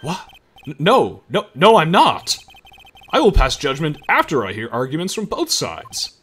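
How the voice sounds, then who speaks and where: A man's voice: a little high, wildly swooping pitch, measured pace, fairly bright tone, a little hiss or hum, heavily acted. A man voicing a flustered older male judge who stammers.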